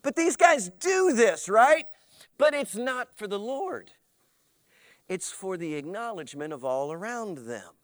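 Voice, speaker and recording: A man preaching an animated sermon, his voice sitting high. He swings from loud emphasis to hushed asides and slips into mocking voices. The sound is close and dry. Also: unhurried, dry recording. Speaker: pastor.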